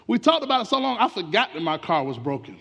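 A man preaching a storytelling sermon, talking straight to the congregation and swinging between racing and slow, drawn-out delivery. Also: high-pitched, gravelly, breathy edge. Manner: animated storytelling with sudden swings in pace and loudness; talks directly to the congregation. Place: church sanctuary. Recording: long hall reverb from a church.

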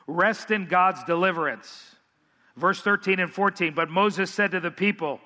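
Male pastor, emphatic sermon, high bright voice, hall reverb. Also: unhurried. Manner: emphatic, asks the congregation questions.

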